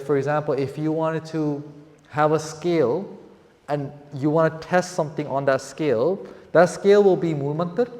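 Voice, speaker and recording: A man's voice: a little high, a little mellow. Young male teacher, keeps asking "okay?", reverberant hall sound. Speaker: seminar teacher. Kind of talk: classroom vocabulary lesson. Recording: echoey room with long reverb.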